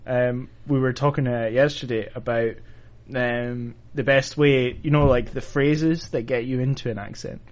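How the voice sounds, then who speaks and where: A man hosting a casual podcast chat, easygoing and quick to laugh. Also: medium pitch, fairly even intonation. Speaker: podcast host. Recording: dull lo-fi sound.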